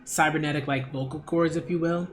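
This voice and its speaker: A man reading a manga aloud and reacting to it in a casual, excitable way, full of slang like "yo" and "like". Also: fairly high pitch, fairly quick, slight background noise. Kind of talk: casual read-along reaction.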